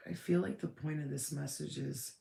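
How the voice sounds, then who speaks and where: A woman's voice: low-pitched, vocal fry, darkish tone, roomy sound. A woman giving a casual channeled spirit reading, rambling and blunt, swearing freely.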